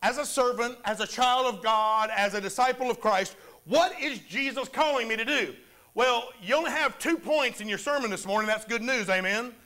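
A man's voice: very high voice, brisk, hardly any pauses, pushed and bright. A man preaching a sermon in church, calling for amens from the congregation. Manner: preaching with call-and-response amens. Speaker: pastor.

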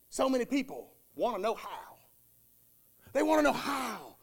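A man preaching a sermon in a very high voice. He drives his points home with repeated phrases and rising emphasis, now and then acting out the words of the people in his story. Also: animated, normal speed, a bit bright.

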